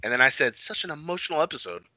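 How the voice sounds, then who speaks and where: Man, chatty and profane, very bright tone, lively ups and downs, dull lo-fi dry sound. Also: on the high side, rapid-fire, dry recording. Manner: excitable, profane, retells scenes with acted-out quotes. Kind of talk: casual chat recapping a TV episode.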